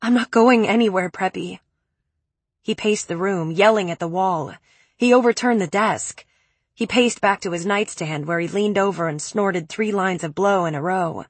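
A woman narrating a first-person novel with intense, dramatic delivery. Her voice is a little husky, recorded close and dry with no room sound. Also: mid-range voice, normal speed, no echo. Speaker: audiobook narrator.

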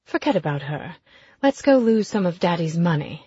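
A woman voicing a brash, blunt aristocratic lady who teases loudly and bawdily. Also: on the low side, big pitch swings, normal speed, slightly rough, dry recording, lo-fi sound, exaggerated voice. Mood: dismissive. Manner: loud, cheeky and bawdy. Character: brash posh older woman, teasing and blunt.

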